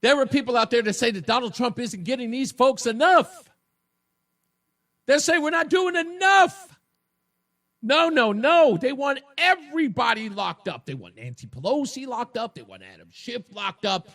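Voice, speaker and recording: A male talk radio host with a high, lively voice that leaps around in pitch. He mocks and taunts his opponents, rising to shouts and dropping to low jeers. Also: unhurried. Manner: mocking, combative, swings between shouting and low taunts. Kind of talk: opinionated political talk radio monologue.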